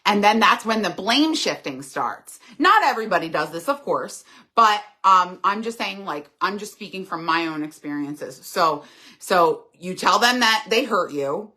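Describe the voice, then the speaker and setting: A woman's voice: medium pitch, expressive, measured pace, pushed and bright. A middle-aged woman hosting a casual live chat, reading viewers' comments aloud and answering them earnestly and candidly.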